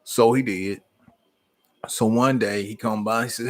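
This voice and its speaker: Folksy low-voiced man hosting a live Q&A. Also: steady tone, a little slow. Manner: folksy, storytelling, warm Southern American speech with "y'all". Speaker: host of a live Q&A stream. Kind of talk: casual live-stream chat, reading viewer comments.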